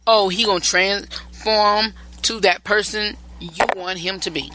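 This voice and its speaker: Slow, bright-voiced man giving advice. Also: high voice, slight background noise, rough recording. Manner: rambling, repetitive, emphatic, preachy. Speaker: podcast advice host. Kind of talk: solo relationship advice talk.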